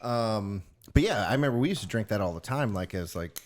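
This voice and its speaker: A man's voice: on the low side, animated, a little fast, a little hiss or hum. A man co-hosting a casual podcast, telling a long rambling story with plenty of filler words. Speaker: podcast co-host. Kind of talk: casual chat over drinks.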